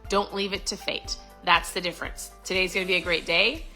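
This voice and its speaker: A woman's voice: lowish voice, flat delivery, fairly quick, pushed and bright, faint music behind, rough recording. A middle-aged woman giving a casual, upbeat motivational talk to camera, chatty with lots of fillers and restarts. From Florida. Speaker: vlogger.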